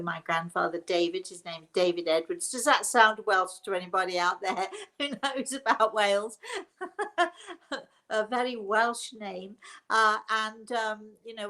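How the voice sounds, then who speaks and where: A woman's voice: mid-range voice, sharp tone. A middle-aged woman from England hosting a live question and answer stream as a psychic medium, talking in a chatty, rambling way with many restarts. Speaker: psychic medium and show host.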